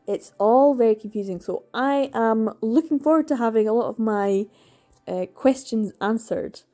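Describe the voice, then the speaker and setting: A woman's voice: fairly high pitch, moderate pace, warm tone. A woman, chatting casually and enthusiastically about books she has read, with lots of fillers and little laughs. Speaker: book reviewer. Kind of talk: casual chat.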